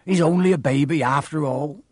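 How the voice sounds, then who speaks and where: A big, soft-hearted gamekeeper puffs and sobs his words, as a male storybook reader puts him on. The voice rides up above the reader's own and comes through close and dry. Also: on the high side, moderate pace, no room sound, lightly acted. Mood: fond, puffing. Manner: puffing, emotional, hoarse-toned.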